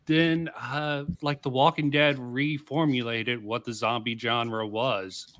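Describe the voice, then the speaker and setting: A man's voice: mid-range voice, steady tone, slow pace, a bit bright, no echo. A man talking as a guest in a casual discussion on a call, making matter-of-fact points.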